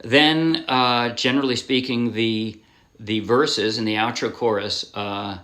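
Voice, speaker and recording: With a medium-pitched, fairly bright voice, a man teaches ukulele informally at a measured pace and fairly even intonation. His explanations ramble, with restarted sentences and apologies, against a background of ukulele playing.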